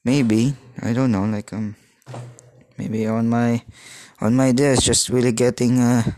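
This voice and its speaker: A man in his thirties, from the Philippines, hosting a solo podcast in a halting, rambling way, often restarting as he searches for words. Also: medium pitch, flat delivery, darkish tone. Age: 30s. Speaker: podcast host.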